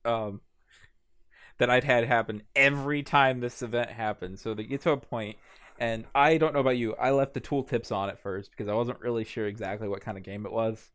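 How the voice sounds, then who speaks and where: A man co-hosting a casual gaming podcast, his voice smooth and resonant. He talks hesitantly, leaning on fillers and small chuckles as he works through a story. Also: mid-range voice, fairly even intonation, a little fast, a bit bright. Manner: hesitant, lots of fillers, chuckles mid-sentence. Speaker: podcast co-host. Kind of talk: casual chat.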